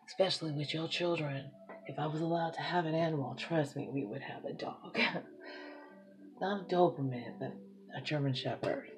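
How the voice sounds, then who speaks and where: Woman vlogger, emotional, profane, swings from hushed confiding to loud ranting; lowish voice, faint hiss behind. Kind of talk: rambling personal monologue to camera.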